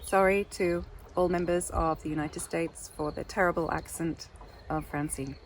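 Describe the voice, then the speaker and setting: A woman's voice: fairly low pitch, fairly even intonation, normal speed, slight background noise. A middle-aged English woman with an English accent, chatting in a meandering, self-deprecating way as a podcast co-host. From England. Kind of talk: casual chat.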